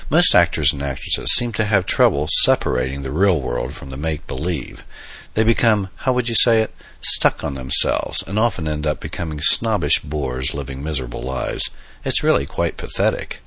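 A man voicing a charming elderly French gentleman with a heavy French accent, courtly and flattering, in an audiobook reading. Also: very deep voice, moderate pace, slightly rough, dry recording, exaggerated voice. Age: older. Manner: courtly, flattering, slightly theatrical. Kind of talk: audiobook character voice.

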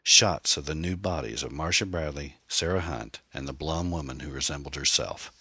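A man giving scripted audiobook narration of a thriller in a steady, suspenseful reading. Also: a bass voice, normal speed, husky, dry recording.

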